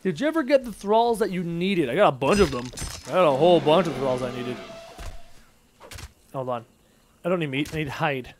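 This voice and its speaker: A man's voice: fairly high pitch, normal speed, pauses often, slight background noise. A man livestreaming a game, casually chatting, joking and reading out viewer messages as he plays. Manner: animated, jokey, reads out chat messages. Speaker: gaming livestreamer. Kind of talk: casual livestream chat while playing.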